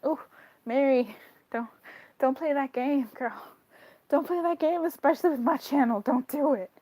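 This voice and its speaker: A woman's voice: high voice, normal speed. Chatty laughing woman tarot streamer. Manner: animated, laughs often, swears casually. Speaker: tarot card reader. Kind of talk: live-stream chat reading viewer comments.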